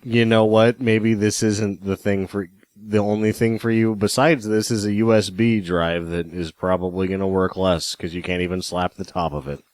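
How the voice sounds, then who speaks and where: A man's voice: on the low side, flat delivery, normal speed, a little mellow, dry recording, clean studio sound. A man joking and wisecracking as co-host of a casual movie podcast.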